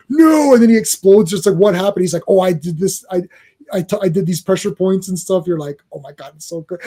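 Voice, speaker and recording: A man hosting a comics podcast in casual chat, excitable and full of stammering restarts. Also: high-pitched. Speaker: podcast host.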